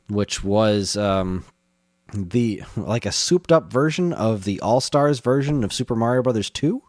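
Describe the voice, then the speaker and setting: A fairly low-voiced man co-hosts a gaming podcast in loose, casual chat. He is enthusiastic and rambling, and laughs often. His voice is close and dry on a studio mic. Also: animated, unhurried, darkish tone, no echo. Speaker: podcast co-host.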